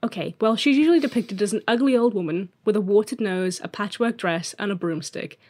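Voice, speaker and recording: A woman's voice: mid-range voice, brisk, darkish tone. A woman co-hosting a podcast, telling a folklore story in a chatty, joking way. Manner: chatty, laughs easily, jokey asides. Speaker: podcast co-host.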